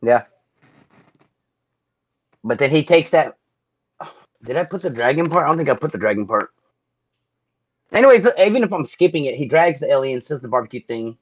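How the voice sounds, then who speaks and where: A man's voice: fairly high pitch, expressive, moderate pace, pauses often. A man co-hosting a podcast in casual chat, swearing and losing his place in his notes. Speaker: podcast co-host. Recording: dull lo-fi sound.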